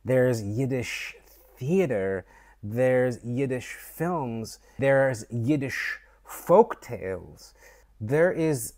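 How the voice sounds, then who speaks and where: Man from Canada, vlogger, reflective talk, unhurried, thoughtful, mid-pitched voice. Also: lively intonation, a little mellow. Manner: slow, thoughtful, with fillers and restarts.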